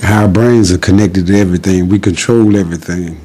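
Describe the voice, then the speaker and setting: A man's voice: low voice, fairly even intonation, brisk, mellow, slight background noise. A man giving an impassioned, defiant monologue as a podcast guest, preaching in short repeated declarations.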